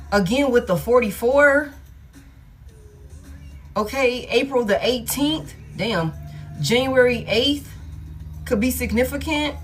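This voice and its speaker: Blunt, profane woman doing a tarot reading. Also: fairly high pitch. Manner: casual, blunt and profane, thinking aloud. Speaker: tarot reader. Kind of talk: collective love tarot reading.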